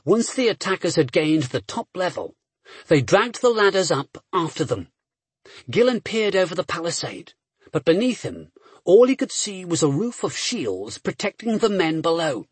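A man's voice: sits high, sing-song, normal speed, slightly rough, dry recording. A man reading a story aloud as an audiobook narrator with a dramatic, varied delivery.

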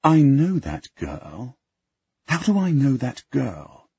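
Brief: man voicing an easygoing young nobleman, raspy and lifted in pitch, dull dry audiobook sound. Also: wildly swooping pitch, slow pace, mellow, no echo, heavily acted.

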